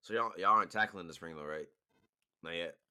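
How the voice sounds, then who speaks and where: A man's voice: sits low, a little fast, bright, forceful tone, clear, resonant tone. A tipsy young man chatting casually with laid-back slang, teasing and apologetic by turns. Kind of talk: casual chat.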